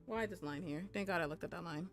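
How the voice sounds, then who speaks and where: A young woman telling a casual, profane storytime about her job while streaming, animated and chatty, jumping into high squeaky voices when she quotes people. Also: quick pace, faint music behind.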